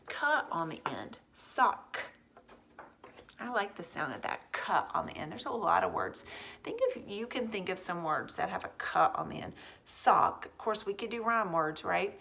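A woman teacher giving a phonics lesson to young children at home, sounding out letter blends slowly and asking encouraging questions. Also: lowish voice, expressive, gravelly, a bit bright, slight background noise.

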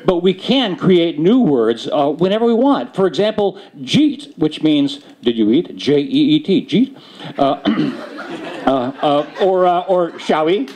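A man performing comic spoken-word poetry on a bookstore stage, mock-serious and playful with halting restarts. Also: a little high, lively intonation, darkish tone. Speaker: slam poet. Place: bookstore stage before an audience.

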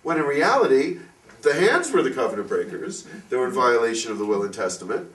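A man tells an informal religious story at a fireside gathering, rambling with plenty of fillers and acting out the people he quotes. His mid-range voice is sing-song, fairly bright and a little fast, picked up by a distant mic in an echoey room.

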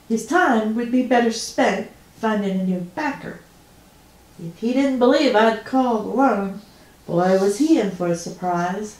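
A woman author reading her own novel aloud in the first person, with steady, intimate storytelling. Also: mid-range voice. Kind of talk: first-person audiobook narration. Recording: roomy echo.

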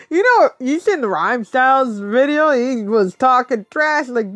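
A woman's voice: high-pitched, animated, unhurried, few pauses, a bit bright, no echo. Woman, casual gameplay commentary, muttering to herself, laughs often, dry close sound. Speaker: mobile game player.

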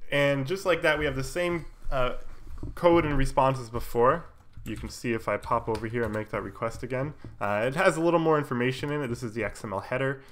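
A man with a cold, casually walking viewers through code on a live stream, relaxed and full of fillers, with keyboard typing behind him. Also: mid-range voice. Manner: relaxed, explains while typing, many fillers. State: has a cold, coughing. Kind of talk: casual live coding tutorial.

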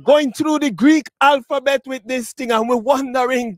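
A man preaching a funeral sermon, addressing the mourners directly, repeating his words and building to shouted, drawn-out phrases. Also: very high-pitched, steady tone, no room sound. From Tobago.

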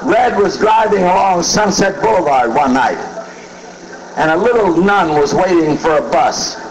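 A comedian at a roast, telling dirty jokes briskly and acting out each character's voice. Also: male voice, high-pitched, animated, slight background noise, rough recording.

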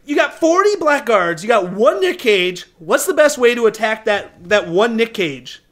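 Excitable young man recapping a movie plot. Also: extremely high pitch, normal speed. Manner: storytelling, laughing often, excitable. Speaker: podcast co-host.

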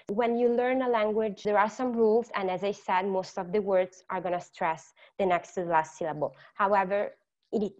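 A woman's voice: medium pitch, dull audio. A woman with an Italian accent, a native Italian speaker, teaching an online beginner lesson and explaining patiently with many fillers.

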